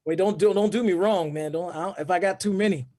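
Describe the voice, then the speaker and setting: A man's voice: high-pitched, fast, warm tone. Laid-back joking man. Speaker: guest artist. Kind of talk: casual chat.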